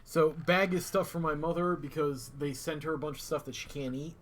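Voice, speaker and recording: A man, the streamer's partner, chats in an offhand, casual way from further back in the room, well away from the mic. His voice sits a little high for a man. A faint hiss lies under the recording. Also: little pitch movement, a little fast, fairly bright tone. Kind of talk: casual chat.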